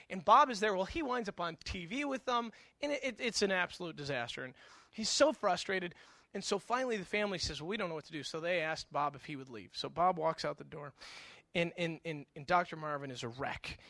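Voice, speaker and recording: Animated, high-voiced pastor preaching. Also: male voice, no room sound. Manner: animated storytelling, with frequent stammered restarts. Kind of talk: conversational sermon.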